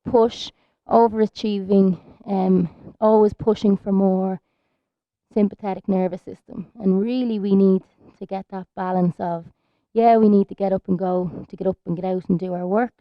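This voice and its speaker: A woman's voice: medium pitch, steady tone, moderate pace, no room sound. An Irish woman leading a yoga class, talking through the poses in a soothing, chatty way. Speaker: yoga teacher. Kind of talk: guided yoga class instruction. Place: outdoors in a park. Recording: dull lo-fi sound.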